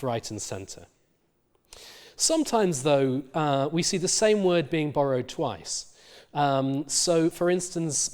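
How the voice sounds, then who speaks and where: A man's voice: fairly high pitch, a little mellow. A middle-aged male university lecturer explaining word history in a recorded lecture, with many fillers and restarts.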